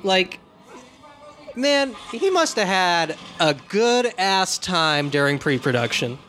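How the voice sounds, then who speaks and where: A man's voice: high voice, slow pace, soft background music. A man co-hosting a podcast, chatting casually and joking while watching a movie. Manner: jokey, animated, slips into silly voices. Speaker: podcast co-host. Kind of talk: casual movie commentary chat.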